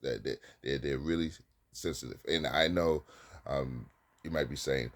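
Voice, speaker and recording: Very deep-voiced man giving teaching advice. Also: moderate pace, slight background noise. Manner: plain-spoken, repeats himself, stern quoted commands. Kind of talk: casual spoken advice.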